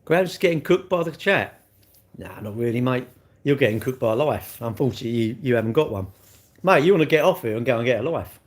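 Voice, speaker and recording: A man's voice: mid-range voice, expressive, a little fast. An older man, chatting casually on a live stream, blunt and teasing as he answers comments. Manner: blunt, teasing banter with chat. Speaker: livestreamer.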